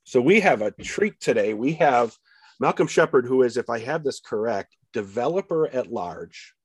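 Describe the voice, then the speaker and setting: A man with an American Midwest accent hosts a podcast interview in a casual chat, talking haltingly with many fillers and restarts. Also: medium pitch, expressive, breathy edge, no echo. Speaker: podcast host.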